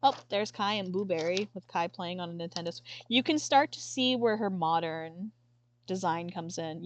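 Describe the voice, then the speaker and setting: A woman streamer chatting casually and haltingly, sometimes tearful and apologizing. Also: fairly low pitch, no room sound. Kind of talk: casual chat while showing a sketchbook.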